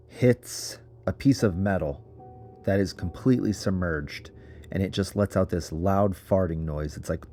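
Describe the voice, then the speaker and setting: A man's voice: sits low, mellow. A man casually narrating an adventure story in a chatty, giggly way, full of fillers. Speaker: underground explorer.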